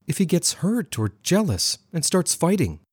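A woman's voice: on the low side, very animated, moderate pace, slightly rough, dry recording, studio quality, pitched above the performer's own voice. A reader voicing an anxious young woman who frets and whimpers in exaggerated fear. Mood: worried.

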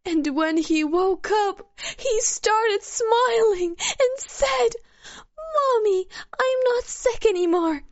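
A woman voicing an overjoyed young mother who is shouting good news over the phone in a breathless, rushed way. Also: very high-pitched, no room sound, pitched above the performer's own voice, heavily acted. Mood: ecstatic. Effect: heard over a phone. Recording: dull, muffled sound.

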